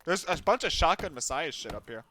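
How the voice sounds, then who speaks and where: A man's voice: on the high side, a little fast, a little hiss or hum. A young man from New Jersey, streaming a game and chatting casually, telling stories with lots of swearing. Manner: swears freely, animated storytelling. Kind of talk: casual chat while gaming.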